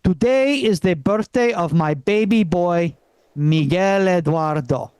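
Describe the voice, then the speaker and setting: A blunt middle-aged mother, flat and matter-of-fact, as a comedian puts her on. The voice sits fairly high and sounds dry and close. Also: takes it slowly, smooth, no room sound.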